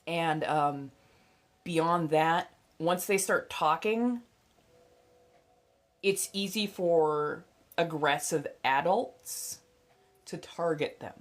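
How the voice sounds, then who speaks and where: She draws out her words and pauses often, her voice low. The speaker is a young adult woman, a livestream host and tarot reader whose casual stream is full of blunt chatter, free swearing, fillers, and laughter.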